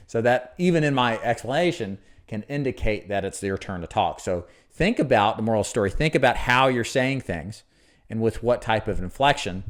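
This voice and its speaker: A man giving lively coaching commentary on a recorded sales call, laughing at his own jokes and showing how to use inflection. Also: mid-range voice. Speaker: sales trainer.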